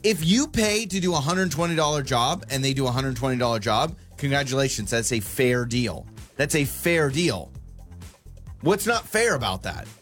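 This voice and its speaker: A man's voice: mid-range voice, fairly quick, few pauses, faint music behind. A man co-hosting a radio show, joking around in casual banter and getting heated over stories. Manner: playful, gets animated and heated. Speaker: radio co-host.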